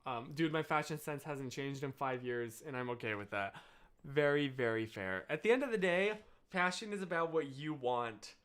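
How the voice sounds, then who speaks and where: A man's voice: medium pitch, moderate pace, fairly bright tone, clear, resonant tone. A young American man hosting a live stream, chatting casually with viewers and wandering off on tangents. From United States. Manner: rambling, self-interrupting, apologetic asides. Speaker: livestream host.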